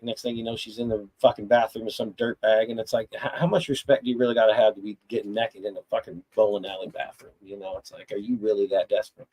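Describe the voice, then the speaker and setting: A middle-aged man with a mid-range voice hosts a live chat stream on a low-quality recording. He rants bluntly and profanely in a rambling, casual way, restarting often.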